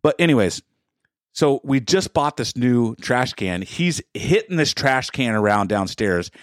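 A man in his thirties co-hosts a podcast, telling a long, rambling story in casual conversation at an unhurried pace. He's animated, and his voice jumps up in pitch when he gets exasperated. The sound is clean studio audio with no room sound.

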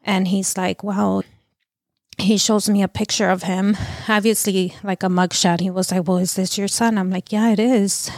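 A middle-aged woman telling her own painful story as an interview guest, halting and full of restarts and fillers. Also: medium pitch, flat delivery, a little mellow, dry recording, clean studio sound. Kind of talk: emotional personal testimony.

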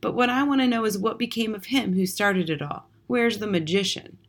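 A woman's voice: medium pitch, animated, a little fast, voice pushed up, close to an everyday voice. A woman reading aloud and voicing a blunt, coarse-spoken woman customer at a fish stall who is tired of expecting anything special. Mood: scoffing. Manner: coarse, blunt, scoffing talk. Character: weary, nosy working-class woman customer.

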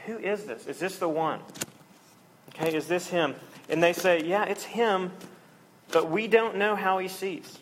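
A man's voice: a little high, a bit bright, a little hiss or hum. A man preaching a conversational, earnest sermon to a congregation, briefly acting out the people in the story.

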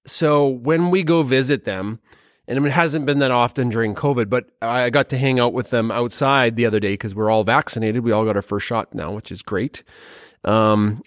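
A man talks through science news in a loose, jokey podcast style. His voice sits at an ordinary middle pitch and is recorded close and dry. He throws in playful quoted voices as he goes. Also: no room sound. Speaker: podcast host. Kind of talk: casual science podcast chat.

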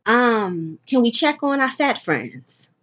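A woman's voice: fairly high pitch, slow pace. A woman hosting her own podcast, chatting casually and tiredly, rambling and swearing as she tells stories. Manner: profane, rambling, animated storytelling. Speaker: podcast host. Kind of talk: casual solo podcast chat.

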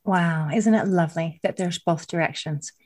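A woman's voice: on the low side, normal speed, darkish tone. A woman hosting an interview, enthusiastic and affirming as she reflects on what her guest said. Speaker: host. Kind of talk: warm interview conversation.

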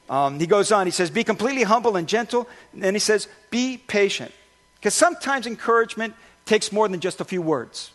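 High-voiced male pastor preaching. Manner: conversational, animated storytelling with restarts. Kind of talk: sermon. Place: church sanctuary.

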